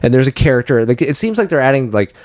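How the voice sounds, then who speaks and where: A man's voice: medium pitch, sing-song, quick pace. A man hosting a casual podcast chat, ranting and swearing as he picks apart a movie. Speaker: podcast host.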